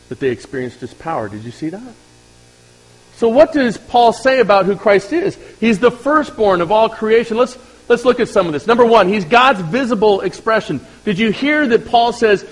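Husky-voiced guy preaching a sermon, kinda high, gets loud then drops way down. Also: low-quality recording. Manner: animated preaching, swings from loud emphatic peaks to quiet asides. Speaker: pastor.

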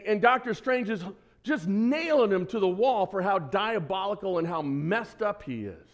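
A man preaching a sermon as pastor, lively and conversational, who quizzes the congregation and throws in joking asides. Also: sits high. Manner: lively, asks the congregation questions, self-deprecating asides.

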